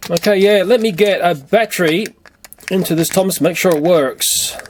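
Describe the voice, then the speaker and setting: A man with a high voice casually reviews toy trains and plays with them. He talks in a playful way and breaks into excited shrieks at the crashes. Loud clicking and whirring from the toys runs under his voice. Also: normal speed, a little hiss or hum.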